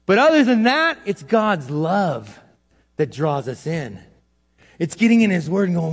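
A middle-aged male pastor giving a sermon in a casual, self-deprecating way, swinging between loud and hushed. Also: high voice, big pitch swings, a little slow. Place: church hall. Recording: long hall reverb.

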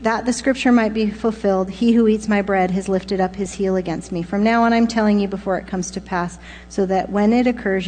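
A woman gives a relaxed, conversational sermon in a warm, mellow voice. Her words ring out in a hall with a long reverb, and a low mains hum sits underneath. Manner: informal, with fillers and asides. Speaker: preacher.

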